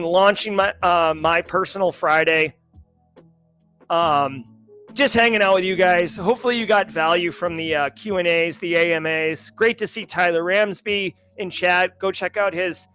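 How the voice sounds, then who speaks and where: A man with a Massachusetts accent hosting a casual livestream chat, joking and animated as he talks to his viewers. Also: high voice. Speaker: livestream host.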